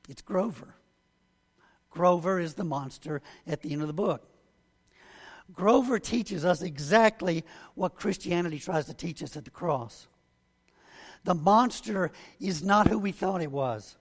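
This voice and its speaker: A man's voice: high-pitched, lively intonation, a little slow. A man preaching a sermon as a pastor, earnest and building to emphatic points. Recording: long hall reverb.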